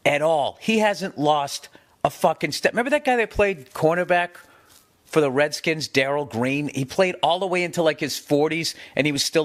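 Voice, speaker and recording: Profane rambling man ranting casually. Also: on the high side. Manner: profane, rambling, animated storytelling. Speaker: comedian. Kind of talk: casual podcast-style rant.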